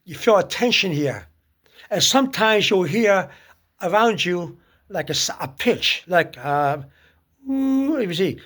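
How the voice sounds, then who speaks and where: High-voiced man talking haltingly. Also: a bit bright. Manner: halting, many fillers and restarts. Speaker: speaker giving religious advice. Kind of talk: casual spoken talk about prayer.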